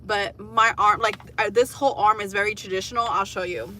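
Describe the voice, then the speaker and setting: A young woman hosting a casual livestream, telling animated, profane stories and laughing at her own jokes. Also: mid-range voice, brisk, a little hiss or hum. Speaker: livestream host.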